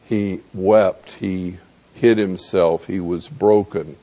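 A man's voice: deep voice, warm tone. A man preaching a sermon who acts out the dialogue of scripture scenes in a dramatic way.

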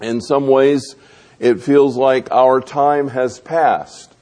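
Slow, deliberate male preacher. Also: medium pitch, fairly even intonation, warm tone. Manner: deliberate, with frequent filler pauses and repeated rhetorical questions. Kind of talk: sermon.

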